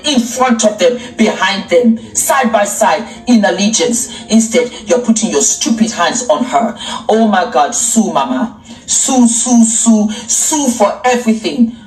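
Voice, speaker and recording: A woman's voice: mid-range voice, roomy sound, far from the mic, poor audio. A woman from Africa, living in London, giving impassioned commentary, indignant and scolding, repeating phrases for emphasis, with a sore throat. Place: home in London.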